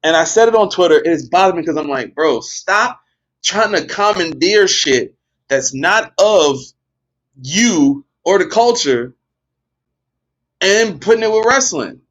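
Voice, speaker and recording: High, animated man ranting bluntly. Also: measured pace, muffled recording. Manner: blunt, profane, exasperated ranting. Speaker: wrestling podcast co-host. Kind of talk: casual ranting chat.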